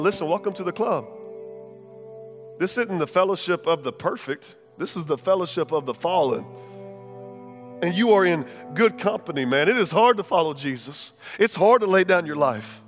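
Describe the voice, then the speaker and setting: Passionate high-voiced male preacher. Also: animated, normal speed, long pauses, faint music behind. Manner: passionate preaching, swinging from shouts to hushed tones. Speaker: pastor. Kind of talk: sermon.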